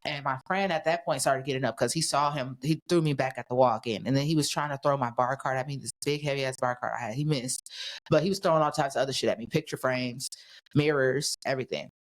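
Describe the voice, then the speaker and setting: A woman speaking as a podcast guest, telling her story in plain casual talk. She is blunt and swears often, moving quickly from one event to the next. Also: extremely low pitch. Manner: blunt, swears freely, tells events rapidly.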